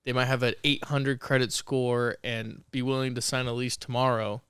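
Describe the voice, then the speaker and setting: Easygoing male co-host, smooth resonant voice, dry mic. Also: medium pitch, level tone, moderate pace, fairly bright tone, no room sound. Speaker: podcast co-host. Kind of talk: casual chat about sales.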